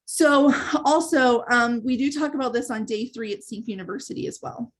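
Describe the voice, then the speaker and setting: A woman's voice: fairly high pitch, normal speed. A woman hosting a live training webinar, explaining step by step in a conversational way. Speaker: webinar host and sales trainer.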